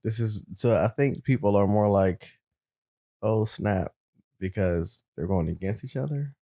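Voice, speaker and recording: Guy co-hosting a podcast, low voice, chill, skeptical questions, dry sound. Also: lively intonation, warm tone, no room sound. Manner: laid-back, asks quick skeptical questions. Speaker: podcast co-host. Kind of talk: casual chat.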